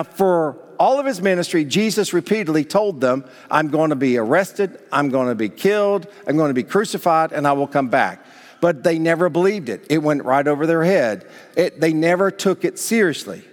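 A male pastor preaching a sermon, talking conversationally and asking the congregation rhetorical questions. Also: a little high. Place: church sanctuary. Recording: long hall reverb.

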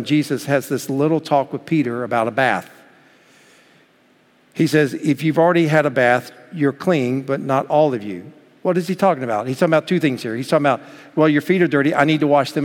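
A male pastor preaching a sermon, earnestly explaining scripture. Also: medium pitch. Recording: long hall reverb.

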